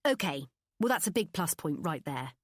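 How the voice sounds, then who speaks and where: A woman's voice: low voice, very animated, normal speed, husky, no room sound, clean studio sound, full character voice. A woman voicing a bold, blunt young woman friend who teases in a sing-song way. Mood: matter-of-fact.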